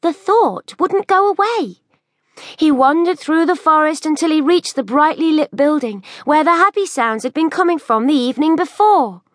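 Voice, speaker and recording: A woman narrating a children's audiobook in an expressive storytelling manner. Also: sits high, moderate pace, dry recording, studio quality.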